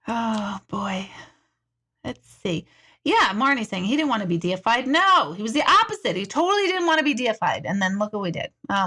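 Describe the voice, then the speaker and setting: A woman hosting a casual live stream as an intuitive, reading out viewer comments in an animated, chatty way with casual swearing and frequent laughter. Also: mid-range voice.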